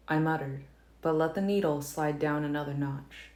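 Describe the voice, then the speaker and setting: A woman narrating a fan-made audiobook in a calm, measured first-person reading. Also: low-pitched. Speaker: audiobook reader. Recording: roomy echo, faint noise.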